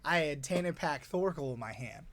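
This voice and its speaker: A tournament organizer and player with a somewhat high speaking voice casually breaks down his tournament games. Excitable and rambling, he throws in quick asides, and the recording is close and dry with no room echo.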